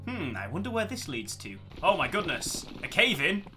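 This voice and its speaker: A man narrating his gameplay with excitable, exclamatory commentary and faint music behind. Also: high-pitched, normal speed. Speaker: gameplay channel host. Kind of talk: let's play commentary.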